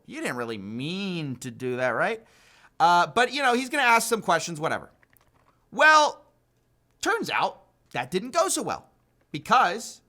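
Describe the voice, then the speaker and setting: A man's voice: a little high, sharp tone. A man hosting an online commentary video, talking in a sarcastic, mocking way and sounding incredulous. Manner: incredulous, mocking, laughs at the news.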